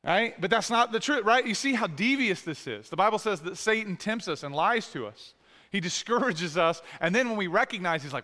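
A man's voice: high voice, expressive, normal speed, sharp tone, in a large hall. A man preaching a sermon, earnest and pleading, asking the congregation direct questions.

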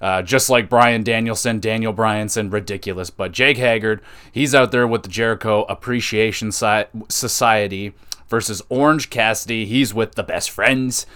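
A man hosting a podcast, reviewing wrestling shows in an excitable, casual way, laughing and swearing freely. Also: on the low side, normal speed, smooth. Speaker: podcast host.

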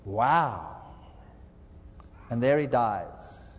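A man's voice: medium pitch, animated, drawn-out words, big-room sound. A man preaching a sermon lecture, telling a dramatic parable and acting out the quoted lines. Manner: dramatic storytelling with acted-out quotes.

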